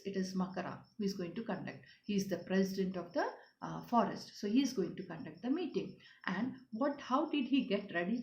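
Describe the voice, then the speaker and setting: A woman's voice: on the high side, a little mellow. A woman teaching schoolchildren, explaining a story, repeating herself and asking them questions. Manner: repetitive, questioning, often asks "children". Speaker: English teacher. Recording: roomy, dull lo-fi sound.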